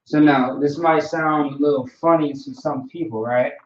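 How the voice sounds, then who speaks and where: A man teaching a language class in a casual, relaxed way, often checking in with "right?" and "you know". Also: fairly high pitch, moderate pace. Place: classroom, writing on a board. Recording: roomy, distant, dull lo-fi sound.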